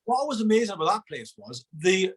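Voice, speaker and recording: A man with a Welsh accent from Merthyr Tydfil, a guest in a casual chat over a remote call, telling lively stories and acting out the voices in them. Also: high-pitched, brisk, breathy edge. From Wales. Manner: animated storyteller, acts out voices in anecdotes. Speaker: interview guest.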